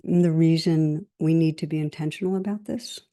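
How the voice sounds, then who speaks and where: A middle-aged woman giving a meditation teacher's dharma talk, gentle and measured, telling stories and listing things slowly. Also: deep voice, fairly even intonation.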